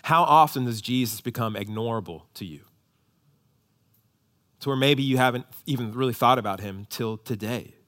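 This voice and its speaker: A man preaching a sermon, swinging between hushed, low emphasis and loud, high-pitched exhortation. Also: moderate pace. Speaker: pastor.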